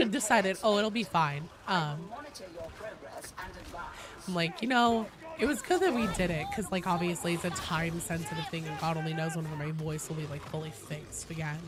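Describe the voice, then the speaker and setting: A woman game streamer with a badly damaged, hoarse voice, coughing now and then as she chats casually with her live chat, rambling and swearing freely. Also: fairly low pitch. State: coughing between sentences. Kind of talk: casual livestream chat, answering chat.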